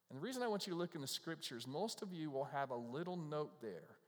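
A middle-aged man preaching a sermon in a church, his slightly high voice ringing out with a long reverb tail. He talks to the congregation conversationally, sometimes acting out the voices of people in the scripture. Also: lively intonation, fast talker, few pauses. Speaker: pastor.

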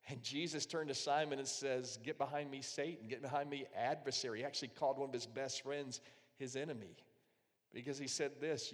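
A pastor with a medium-pitched voice preaches briskly in a big-room space. His sermon is earnest and emphatic, though he drops to a hush when quoting prayers.

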